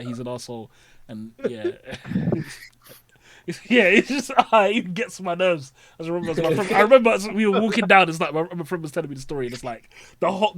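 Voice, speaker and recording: A man hosting a podcast, chatting casually and animatedly acting out his own past rants. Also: mid-range voice. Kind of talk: casual chat.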